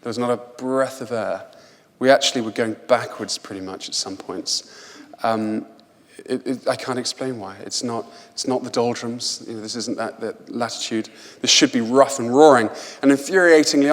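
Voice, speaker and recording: A man giving a public lecture, telling travel stories in a lively, anecdotal way and often repeating words as he goes. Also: mid-range voice. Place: large lecture hall. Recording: long hall reverb in lecture theatre.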